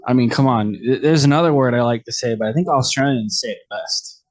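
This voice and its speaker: A man's voice: medium pitch, fairly quick. A man who is a guest on a casual podcast chat, speaking in an easygoing way and chuckling often.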